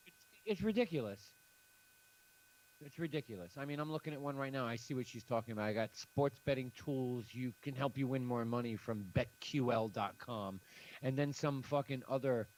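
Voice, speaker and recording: A man's voice: mid-range voice, moderate pace, a little mellow, poor audio. A man co-hosting a casual podcast chat, blunt and emphatic, swearing freely. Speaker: podcast co-host.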